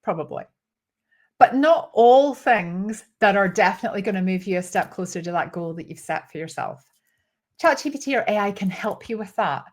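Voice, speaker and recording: A woman's voice: mid-range voice, expressive, moderate pace. A woman with an accent part Northern Irish and part Scottish, hosting a casual talk to camera in a chatty way and often checking in with "right?". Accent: mix of Northern Irish and Scottish. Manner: chatty, keeps asking "right?", shifts pace a lot. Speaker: host.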